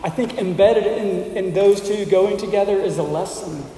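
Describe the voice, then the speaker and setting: A man preaching a sermon as a pastor, in measured phrases with deliberate pauses and emphatic lists. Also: sits high, warm tone, slight background noise. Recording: roomy hall reverb, mic at a distance.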